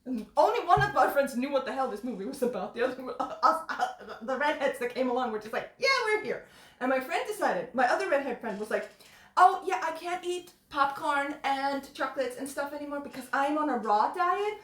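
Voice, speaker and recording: A high-pitched woman chatting loosely on a live stream, rambling and laughing between thoughts. She sounds like she is in a kitchen with hard, echoing walls. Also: lively intonation, a little fast, a bit bright. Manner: rambling, laughing often, restarts. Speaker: stream host. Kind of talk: casual chat. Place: home kitchen. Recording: echoey room.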